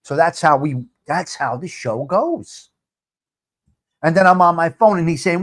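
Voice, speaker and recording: New guy hosting a live stream, high voice, swoopy, brash and teasing. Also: animated, a little slow, fairly bright tone. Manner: brash, teasing, street-wise banter. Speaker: live-stream host reading chat. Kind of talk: casual live-stream chat.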